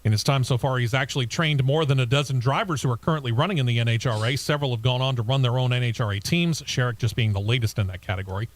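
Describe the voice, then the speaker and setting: A man's voice: mid-range voice, fast talker, hardly any pauses. A man hosting a racing talk show, reading motorsport news and bantering with his co-hosts. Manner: reads news items then chats and laughs with co-hosts.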